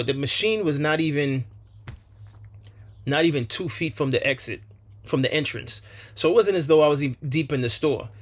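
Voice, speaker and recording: Earnest man giving solo commentary. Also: fairly high pitch. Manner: earnest and repetitive, with emphatic restarts. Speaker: channel host. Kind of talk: solo commentary on a news story.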